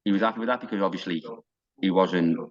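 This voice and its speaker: A man's voice: sits low, fast talker, muffled recording. A man, a wrestling coach telling stories in casual podcast chat, rambling with restarts and quoted dialogue. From North West England. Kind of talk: casual storytelling.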